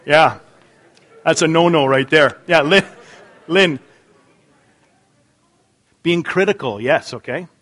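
A man's voice: a little high, lively intonation, takes it slowly, pauses often, a bit bright. A man preaching a sermon in church, chatting with the congregation, repeating their answers aloud and often restarting his sentences. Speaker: pastor. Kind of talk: interactive sermon.

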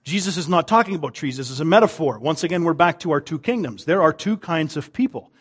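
Animated male pastor preaching a sermon. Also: on the high side, slightly rough. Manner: animated preaching, swinging from loud emphasis to quiet, drawn-out lines.

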